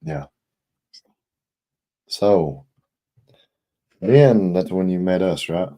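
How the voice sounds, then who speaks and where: A man hosting a casual live interview, speaking haltingly and restarting often, with an encouraging tone. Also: low voice, animated, warm tone. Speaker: host of a recovery house live stream.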